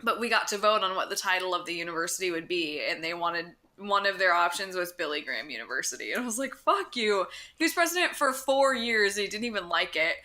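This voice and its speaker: A woman's voice: lowish voice, expressive, fast, few pauses, bright, forceful tone. A young woman co-hosting a podcast in crude, teasing, giggly casual chat. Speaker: podcast co-host.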